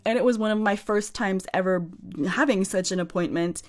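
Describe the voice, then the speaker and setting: A woman's voice: medium pitch, brisk. A woman reading stories aloud and adding chatty, sarcastic commentary of her own. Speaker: story narrator.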